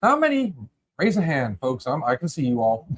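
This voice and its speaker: A man's voice: fairly high pitch, huge pitch swings, normal speed. A man hosting a casual podcast chat, rambling and repeating words as he addresses his listeners. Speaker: podcast host.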